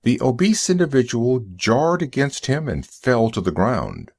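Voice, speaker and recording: A man reading a story aloud for English learners, in a measured storytelling manner. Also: mid-range voice, very animated, darkish tone, no room sound, clean studio sound. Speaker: narrator.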